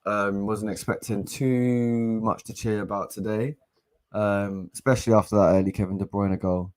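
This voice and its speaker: Young guy doing a live fan watchalong, lowish voice, gets worked up and restarts a lot. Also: moderate pace. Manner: excitable and exasperated, swears, repeats and restarts phrases. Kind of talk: casual live match commentary.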